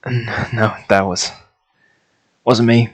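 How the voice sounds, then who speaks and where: A man's voice: mid-range voice, steady tone, slow pace, lightly acted. A man voicing a captured adult male thug who stammers defensively. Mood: nervous.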